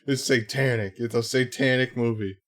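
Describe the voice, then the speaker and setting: A man's voice: mid-range voice, steady tone. Guy on a twitch stream reacting to a clip, dry little comments under his breath, average voice. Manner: wry, quick to laugh, mutters asides. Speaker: stream host. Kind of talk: casual live-stream reaction chat.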